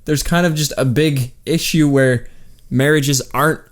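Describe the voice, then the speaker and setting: A man's voice: fairly high pitch, fairly even intonation. A man co-hosting a casual podcast with his wife, thinking aloud with many restarts and mimicking others in exaggerated voices. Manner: halting, restarts often while thinking aloud. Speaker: podcast co-host. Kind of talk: casual chat.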